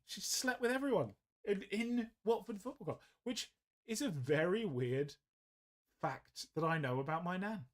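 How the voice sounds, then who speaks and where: A chatty man with a fairly high-pitched voice. He tells rambling stories at his painting desk, laughing often as he goes. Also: animated, normal speed. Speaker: host of a painting livestream. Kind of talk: casual chat.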